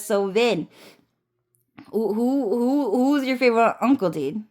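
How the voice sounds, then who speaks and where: A woman's voice: a little high, lively intonation, slow, pauses often, a little mellow. Rambling, profane woman telling a story. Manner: rambling, profane, laughs often, restarts a lot. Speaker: vlogger. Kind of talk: casual storytime vlog.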